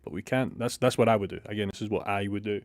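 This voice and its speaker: A man's voice: fairly low pitch, quick pace, no room sound. A man hosting a casual trading livestream, reading out chat and swearing often. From Scotland. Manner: excitable, swears a lot, reads chat aloud. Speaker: livestream host.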